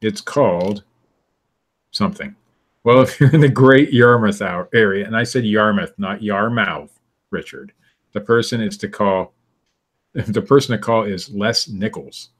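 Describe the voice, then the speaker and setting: A man's voice: lowish voice, measured pace. A man co-hosting a podcast in casual chat, reading strange news stories aloud in a wry way and laughing now and then. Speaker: podcast co-host.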